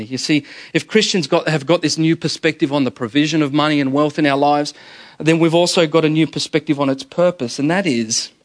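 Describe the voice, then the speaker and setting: A middle-aged man preaching a sermon as pastor, telling stories with animated energy, often repeating words and calling his listeners guys. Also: fairly high pitch.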